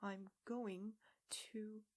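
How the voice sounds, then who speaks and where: A woman voicing a spoiled, boastful young male toad who talks airily and excitably. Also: mid-range voice, very slow, pitched above the performer's own voice. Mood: excitable. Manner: airy, excitable, self-pitying.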